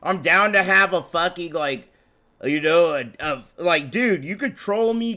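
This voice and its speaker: A man's voice: sits high, lively intonation, unhurried, bright, forceful tone. A man from the United States commentating on a live stream, ranting at chat in a profane, rambling, confrontational way. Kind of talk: heated live-stream rant.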